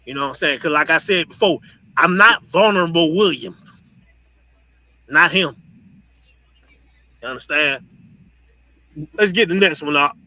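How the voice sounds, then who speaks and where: A man with a high, very bright voice delivers a preachy lecture to his listeners. He talks bluntly and profanely and keeps checking in with "you understand?". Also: unhurried, long pauses, poor audio. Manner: blunt, profane and scolding, laughs between points; asks "you understand?" often. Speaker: officer and teacher leading a group discussion. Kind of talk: preachy lecture to an online audience.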